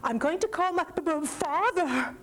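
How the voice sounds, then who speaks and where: A woman's voice: high voice, sing-song, slow, voice pushed up, full character voice. A woman voicing a young boy in a children's story, speaking in a shaky, wondering way. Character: young boy, scared then curious.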